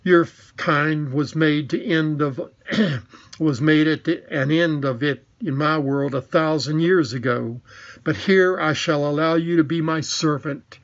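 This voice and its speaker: A man's voice: a little high, a little slow, dull audio. A man doing an imperious witch queen. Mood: scornful. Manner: commanding, scornful. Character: proud cruel giant witch queen, imperious.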